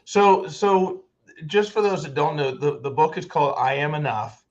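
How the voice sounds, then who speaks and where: A man's voice: on the high side, moderate pace, crowd noise. Rambling American man hosting a call. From United States. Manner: rambling, many ums and restarts. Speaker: podcast host. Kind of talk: casual interview hosting. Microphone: video call. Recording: dull lo-fi sound.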